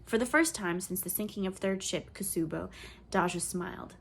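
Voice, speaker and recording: A woman reading a children's novel aloud in clear, measured storybook narration. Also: mid-range voice, a little hiss or hum. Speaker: audiobook reader.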